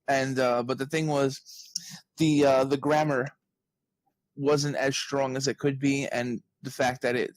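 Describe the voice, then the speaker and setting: A man in his early thirties, a guest telling stories in a casual interview, lively and full of "like" fillers. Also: medium pitch, no room sound. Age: early 30s. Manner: animated storyteller, heavy on "like" fillers. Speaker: guest, author and journalist.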